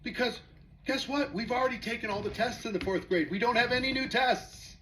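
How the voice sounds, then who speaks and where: High-voiced man giving a motivational talk. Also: brisk, pushed and bright, slight background noise, rough recording. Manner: storytelling, acting out quoted voices, rhetorical questions to the audience. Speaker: network marketing speaker.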